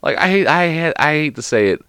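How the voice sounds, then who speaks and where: A man's voice: fairly high pitch, expressive, brisk, pushed and bright, smooth, no room sound, clean studio sound. A young man who is sick hosts a podcast alone in casual chat. He swears constantly and rambles through anecdotes. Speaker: podcast host.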